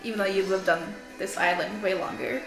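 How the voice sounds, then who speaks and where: A woman's voice: mid-range voice, fairly even intonation, a little fast. A young woman from Canada chatting casually while gaming, rambling and giggling, with lots of "like.". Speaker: co-host. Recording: echoey room. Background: game music.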